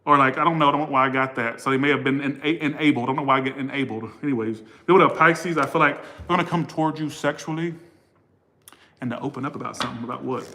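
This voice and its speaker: A man's voice: mid-range voice, quick pace, sharp tone. A man giving a casual tarot reading for all the signs, blunt and profane, often losing his place and rambling. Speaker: tarot reader.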